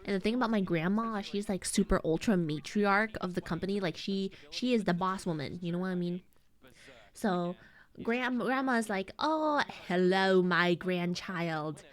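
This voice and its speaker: This twenty-something woman, a VTuber streamer, speaks at a normal speed in a mid-range voice. She chats loosely, wandering through a story and performing her family's dialogue.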